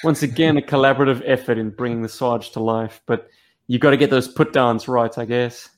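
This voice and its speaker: Podcast host, man, mid-pitched, relaxed and chatty. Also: a little fast. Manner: easygoing, chatty. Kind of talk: casual chat.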